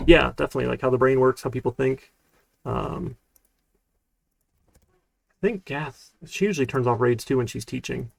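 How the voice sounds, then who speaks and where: A man, a college programming instructor, giving a casual live-streamed lecture in a relaxed, rambling way with lots of fillers. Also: medium pitch, vocal fry, dry recording.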